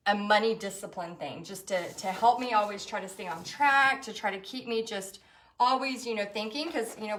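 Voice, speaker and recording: A woman's voice: medium pitch, a bit bright, slight background noise. A woman, chatting in a rambling, emotional way with many fillers while she paints live for viewers. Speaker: painting instructor hosting a live stream.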